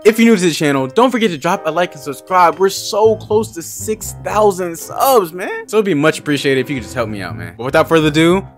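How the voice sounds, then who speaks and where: A man's voice: high voice, animated, a little fast, hardly any pauses, soft background music. A young man giving casual, slangy gameplay commentary as a gaming YouTuber, dropping "bruh" constantly.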